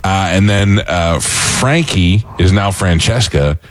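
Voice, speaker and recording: A male radio host in casual chat, trading quick replies and chatty anecdotes. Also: deep voice, animated.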